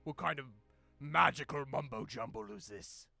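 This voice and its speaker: A man voicing a big, burly male pirate with a gruff, bellowing manner in a tabletop game. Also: medium pitch, moderate pace, pushed and bright, dry recording, soft background music, heavily acted.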